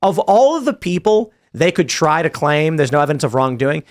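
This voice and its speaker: A man's voice: a little high, big pitch swings, a little fast. A man hosting a podcast, reading news aloud and commenting with sarcastic disbelief. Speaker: show host. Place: podcast studio.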